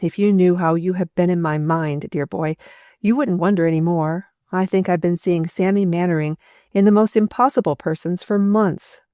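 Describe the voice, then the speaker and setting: Woman playing excitable gentleman, effusive, jovial, mellow tone, dry close read. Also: fairly low pitch, moderate pace, no room sound, natural voice. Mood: affectionate. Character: excitable male gentleman friend, hearty.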